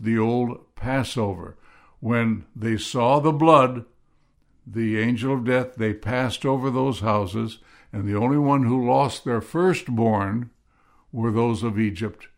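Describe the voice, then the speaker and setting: Male pastor, unhurried sermon delivery, mid-pitched, emphatic on key words. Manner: slow, deliberate reading, rising to emphatic stresses. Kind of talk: sermon with scripture reading.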